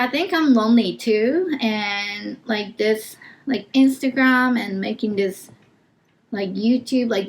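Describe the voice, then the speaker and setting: Woman, 30s, plant-vlogging mom: casual, rambling chat with a slow delivery and a creaky edge. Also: on the high side. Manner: soft, rambling talk with many fillers.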